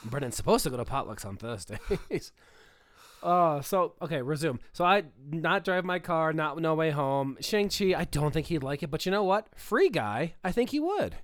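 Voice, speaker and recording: A man co-hosting a podcast in casual chat, animated and quick to laugh. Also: a little high, no room sound. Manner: animated, laughs often, acts out quoted voices. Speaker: podcast co-host.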